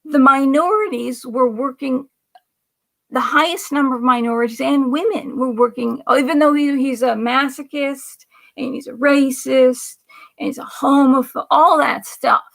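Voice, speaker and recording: A woman's voice: high voice, fairly even intonation, a little slow, creaky, a bit bright. A woman hosting a livestream, giving rambling political commentary in an indignant, sarcastic way, with repeated asides and some words dropped to a whisper. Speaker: livestream host.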